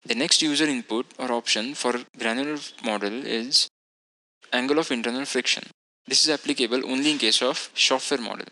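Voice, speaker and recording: Bright-voiced man giving a technical lecture. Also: medium pitch, a little fast, rough recording. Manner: methodical, explanatory, self-correcting. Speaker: instructor.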